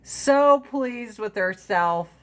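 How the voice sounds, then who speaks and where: Woman livestream host, unhurried pace, animated and profane storyteller. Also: a little high. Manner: animated storyteller, swears freely, laughs often. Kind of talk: casual storytelling. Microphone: phone.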